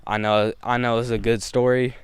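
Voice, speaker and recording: Young guy doing a chill storytime vlog, slangy, smooth clear voice. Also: medium pitch, flat delivery, moderate pace, dry recording. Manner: slangy, laid-back, laughs between lines. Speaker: vlogger. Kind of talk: casual storytime.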